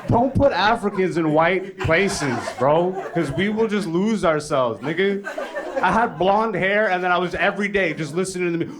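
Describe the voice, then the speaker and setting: On a live club recording full of audience laughter, a young man with a high-pitched voice speaks at normal speed. He does conversational, foul-mouthed stand-up storytelling with act-outs of other people's lines; he's Ethiopian, born in Greece and raised in Canada.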